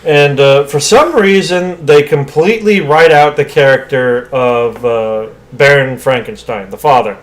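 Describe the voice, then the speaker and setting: A man's voice: medium pitch, unhurried, few pauses. A man co-hosting a podcast, chatting casually and opinionatedly about an old movie, swearing freely. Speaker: podcast co-host.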